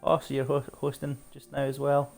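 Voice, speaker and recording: A man from Glasgow with a Scottish accent, chatting casually and warmly with viewers while he plays a game live. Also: mid-range voice, completely flat delivery, normal speed, creaky, faint music behind. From Scotland, Glasgow. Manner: chatty, friendly, asks viewers questions, laughs often. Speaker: streamer.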